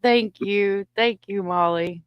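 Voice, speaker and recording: A woman's voice: medium pitch, slow, clean tone, no room sound, highs cut off. A woman hosting a casual live stream and chatting informally with her viewers, a little short of breath. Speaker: livestream host. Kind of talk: casual livestream chat.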